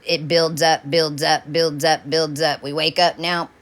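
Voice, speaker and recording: A woman with a deep, low-pitched voice runs through a rambling spiritual monologue. She talks intensely and repeats herself, and she swears freely. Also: level tone, a little slow. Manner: intense, profane, repetitive. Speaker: self-styled channeler.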